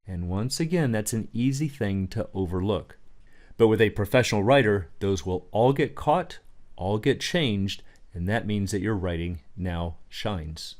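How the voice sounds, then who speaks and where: A man with a lowish voice gives a writing lesson. He reads example sentences aloud, then picks them apart with firm, emphatic comments. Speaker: writing coach. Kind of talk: instructional talk on writing.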